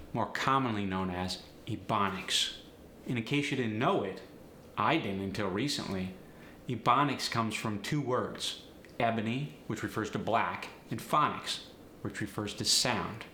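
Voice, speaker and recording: A man, a dialect coach, explaining in a clear, measured teaching manner. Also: on the low side, sharp tone. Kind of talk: instructional explanation. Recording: roomy echo, faint noise.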